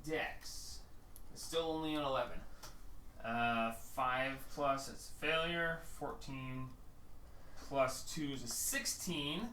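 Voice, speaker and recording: Brief: bright, animated game master calling rolls, recorded far off in an echoey room. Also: mid-range voice, slow, a little hiss or hum. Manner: lively, counting rolls aloud. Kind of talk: running a tabletop game.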